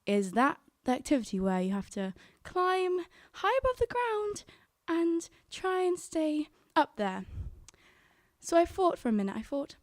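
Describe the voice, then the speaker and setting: Young female storyteller, bright higher pitch, dry close mic, earnest delivery. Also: very animated, a little slow, dry recording. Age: young adult. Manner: earnest, quotes her own thoughts aloud. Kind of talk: live storytelling.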